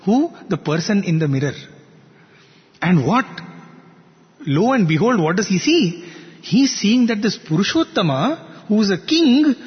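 A man teaching through an animated story, often asking rhetorical questions. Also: sits high, a little slow, long pauses, big-room sound, dull audio. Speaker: spiritual teacher. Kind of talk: storytelling lesson.

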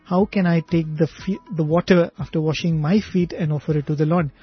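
Male storyteller doing a pleading devoted queen, husky voice, dull lo-fi sound. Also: a little high, steady tone, brisk. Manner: earnest, pleading. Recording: dull lo-fi recording, faint music.

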